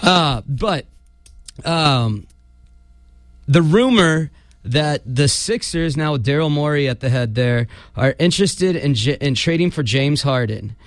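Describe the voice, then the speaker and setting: A man's voice: a little high, animated, measured pace, dry recording, clean studio sound. A man hosting a casual sports podcast, rambling with lots of ums and uhs. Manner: rambling, filler-heavy delivery. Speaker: podcast host.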